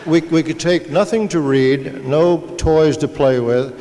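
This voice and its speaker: A man's voice: on the high side, a little slow, warm tone, slight background noise. An older man on a panel recounting stories with dry humor and an easygoing manner. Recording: long hall reverb.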